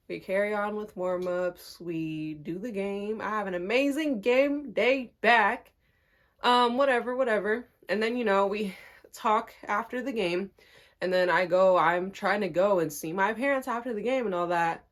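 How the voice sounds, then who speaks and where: A woman's voice: medium pitch, moderate pace, fairly bright tone. A young woman telling a casual storytime, acting out quotes and laughing often. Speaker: storytime vlogger.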